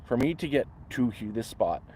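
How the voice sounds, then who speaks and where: A man's voice: medium pitch, sing-song, moderate pace, a little mellow, slight background noise. Canadian man, live vlog in the woods, rambly storyteller. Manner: rambling, restarts often, acts out voices in quotes. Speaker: livestreamer. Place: outdoors in the woods.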